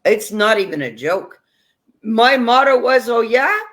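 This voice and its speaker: A woman's voice: a little high, lively intonation, measured pace, a bit bright. A woman hosting a casual talk, speaking in emphatic, punchy phrases with blunt, sometimes salty wording. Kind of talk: casual chat.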